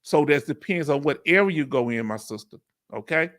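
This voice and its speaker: Southern Houston man, slangy and animated. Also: a little high, brisk. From Houston, Texas. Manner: reads viewer comments aloud, slangy and animated. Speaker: veteran livestream host. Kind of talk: casual livestream Q&A.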